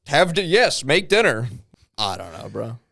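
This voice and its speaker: A young man co-hosts a comedy podcast, rambling through casual banter in an animated way and swearing freely. His mid-range voice is unhurried and creaky, recorded with clean studio sound and no room sound.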